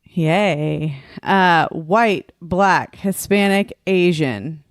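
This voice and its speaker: A woman's voice: lowish voice, drawn-out words, no room sound, clean studio sound. A woman co-hosting a comedy podcast game, laughing along and announcing turns. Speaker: podcast co-host.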